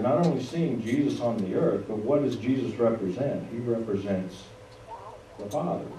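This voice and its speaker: A man preaching a sermon as pastor, talking in a conversational way with asides to the congregation. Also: mid-range voice. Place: church sanctuary. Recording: echoey room, voice from a distance, faint noise.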